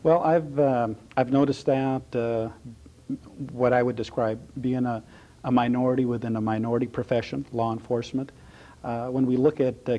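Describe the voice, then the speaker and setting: A middle-aged man with a slight Texas accent, a county sheriff giving halting, measured interview answers full of "uh" pauses. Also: medium pitch, dark tone, lo-fi sound. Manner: halting, many uh fillers, measured.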